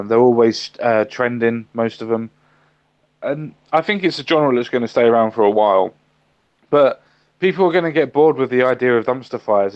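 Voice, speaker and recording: A man's voice: mid-range voice, clean tone, muffled recording. A British man co-hosting a livestream, chatting casually and teasing with lots of laughter. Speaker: livestream co-host. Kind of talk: casual chat.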